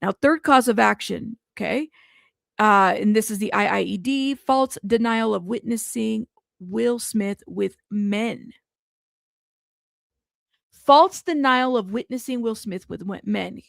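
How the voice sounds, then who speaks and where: A woman's voice: on the high side, takes it slowly, creaky, no echo, clean studio sound. A woman hosting a news commentary channel, reading a lawsuit aloud for her viewers and breaking into amused asides. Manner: reads legal text aloud, breaks into amused asides and laughter.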